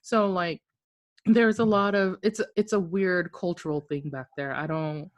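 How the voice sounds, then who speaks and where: A man from Okinawa, co-hosting a podcast, telling stories in a casual, animated way with casual swearing. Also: high-pitched, unhurried, no echo. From Okinawa, Japan. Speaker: podcast co-host. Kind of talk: casual chat.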